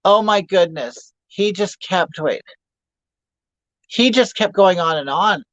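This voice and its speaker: A man's voice: high-pitched, slow, a bit bright, no room sound. Man, 50s, campy livestream host with crude humor; dry, dull lo-fi audio. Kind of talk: casual livestream chat reading viewer comments.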